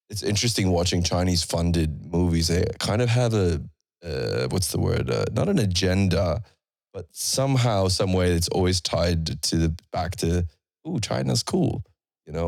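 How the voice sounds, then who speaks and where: Casual: deep-voiced guy rambling on a podcast, lots of like and um, dry close mic. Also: darkish tone, no room sound. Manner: rambling, full of fillers and restarts. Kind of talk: casual chat.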